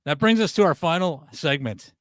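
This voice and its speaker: A man hosting a comedy podcast, relaxed and easily amused as he leads the segments. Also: fairly high pitch, normal speed, noisy background. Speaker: podcast host. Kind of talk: casual podcast chat.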